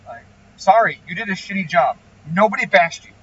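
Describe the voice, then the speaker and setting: A man with a bright, forceful voice rants bluntly and swears freely while explaining engine tuning. His voice sits a touch high for a man. He sounds slightly off the mic, muffled, with car noise under him. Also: fairly quick, distant mic. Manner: profane, ranting, blunt. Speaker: engine tuner. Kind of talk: casual explanatory vlog talk.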